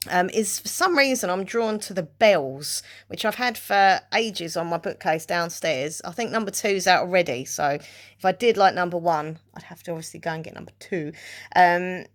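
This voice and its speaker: A woman vlogging in a chatty, rambling way about her reading, with plenty of fillers. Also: fairly low pitch. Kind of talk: casual chat.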